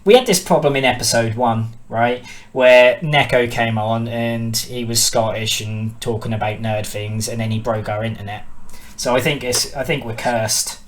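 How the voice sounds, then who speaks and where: A man's voice: mid-range voice, steady tone, moderate pace, hardly any pauses. A British man hosting a gaming podcast, chatting casually, teasing his guest and swearing freely. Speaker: podcast host.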